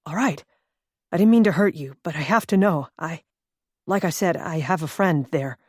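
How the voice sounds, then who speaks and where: A woman's voice: fairly low pitch, normal speed, husky, dry recording, studio quality. A woman voicing an anxious, impulsive man who talks urgently and makes things up as he goes. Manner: urgent, improvising, pushy.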